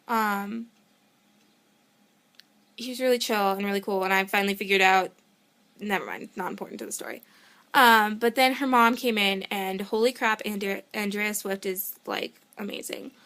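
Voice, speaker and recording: A young woman telling a story in a casual vlog, excitable and rambling, often cutting herself off to start over. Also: mid-range voice, moderate pace. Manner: excitable, rambling, self-interrupting; gushing fan enthusiasm. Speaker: vlogger.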